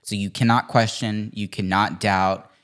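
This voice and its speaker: Young guy podcast cohost, kinda low voice, rambles and restarts a lot. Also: measured pace. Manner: rambling, restarts often, animated. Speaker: podcast co-host. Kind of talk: casual chat.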